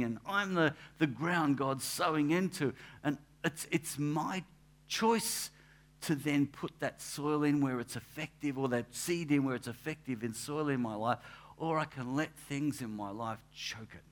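A man, a pastor giving a relaxed, anecdotal sermon in church, with asides and restarts. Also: on the high side, a little slow. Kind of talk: conversational sermon.

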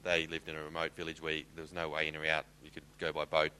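Man, presenting slides, extremely deep voice, monotone, lots of ums, faint background noise. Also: low-quality recording. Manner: halting, with many fillers.

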